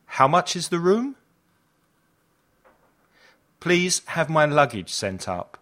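A man's voice: fairly high pitch, very animated, slow, fairly bright tone. A man reading travel phrases aloud for learners, one at a time, each with a falling end. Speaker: phrase reader for language learners.

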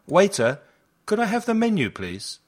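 A man's voice: sits high, huge pitch swings, normal speed. A man reading travel phrases aloud for learners, one at a time, each with a falling end. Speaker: phrase reader for language learners.

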